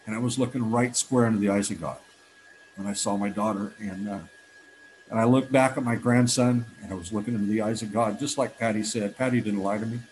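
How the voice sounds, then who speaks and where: A man's voice: lowish voice, steady tone, brisk, darkish tone, slight background noise, rough recording. A man in his fifties giving a heartfelt personal testimony at a recovery meeting, telling stories earnestly with frequent restarts.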